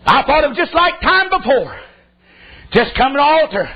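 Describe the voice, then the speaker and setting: A middle-aged man preaching a shouted revival sermon, fervent and rhythmic, repeating phrases. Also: very high-pitched, big pitch swings, normal speed. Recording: lo-fi church recording with congregation. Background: responding congregation.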